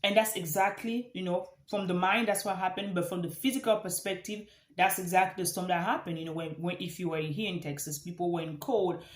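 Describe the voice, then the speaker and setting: A woman's voice: on the low side, a little fast, hardly any pauses. Earnest woman, echoey room. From Central Africa. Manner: earnest, repeats phrases for emphasis. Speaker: life coach. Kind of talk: motivational talk.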